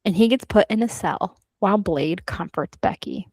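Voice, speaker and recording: On a book club podcast, a young woman co-host casually retells a novel's plot, acting out the characters' lines and swearing freely. Her medium-pitched voice has a darkish tone and moderate pace, with no echo in the recording.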